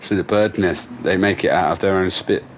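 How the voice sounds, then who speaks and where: A man's voice: low voice, steady tone, a little fast, a little hiss or hum. A young man, a livestream host, telling stories in casual chat, laughing often and swearing freely. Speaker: streamer host.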